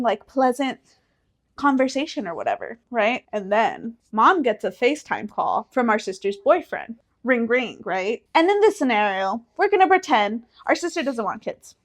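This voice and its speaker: A young woman with a high, light voice chats casually on a podcast. She tells family stories with lots of energy, acts out what people said, and breaks into laughter often. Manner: animated storytelling, acts out quotes, laughs often. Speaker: podcast co-host. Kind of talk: casual sibling chat.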